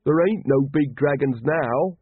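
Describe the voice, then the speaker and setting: A man voicing a dour, blunt working-class cult member in a raised, gruff voice. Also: a little slow, no room sound. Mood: grumbling. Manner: gruff, blunt, higher than the reader's own voice. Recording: dry, tinny, phone-like sound.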